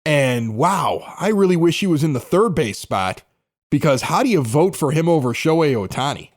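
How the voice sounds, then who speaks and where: A man's voice: a little high, big pitch swings, moderate pace. A man co-hosting a sports podcast, chatting casually and laughing often. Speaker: podcast co-host.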